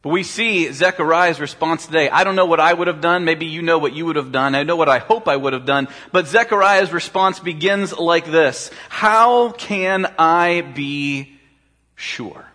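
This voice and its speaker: A man's voice: on the high side, brisk, hardly any pauses, pushed and bright. A man preaching a sermon as pastor, talking conversationally and asking his listeners rhetorical questions. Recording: long hall reverb.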